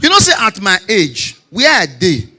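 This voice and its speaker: A man in his forties with a Nigerian Pidgin English accent, telling stand-up comedy stories, shouting punchlines and dropping low for asides. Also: huge pitch swings, normal speed. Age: 40s.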